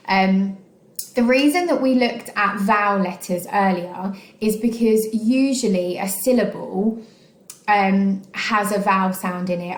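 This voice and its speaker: An English woman teaching a recorded phonics lesson to children, patient and encouraging, with many ums and okays. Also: medium pitch. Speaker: primary school teacher. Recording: echoey room.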